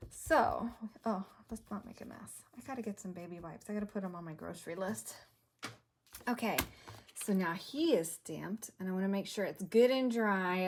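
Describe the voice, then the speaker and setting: A woman making a craft video at home chats casually and thinks aloud while stamping, sounding a bit winded. Her voice is medium in pitch, with a slight hiss or hum in the recording.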